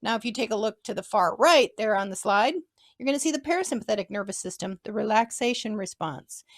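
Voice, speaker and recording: A woman co-hosting a health talk show, explaining in a clear, lecturing way. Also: medium pitch, expressive, fast. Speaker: co-host.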